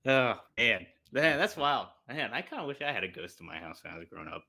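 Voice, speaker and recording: A man co-hosts a casual podcast chat with a bright, lively voice that swings up and down in pitch. He reacts to the stories with quick interjections and laughs often. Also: vocal fry. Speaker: podcast co-host.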